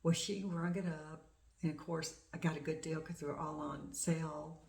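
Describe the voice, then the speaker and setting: Chatty middle-aged woman vlogger, somewhat low gravelly voice, echoey home room. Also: normal speed. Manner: chatty storyteller, excited. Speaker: flosstube host. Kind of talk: casual crafting vlog chat.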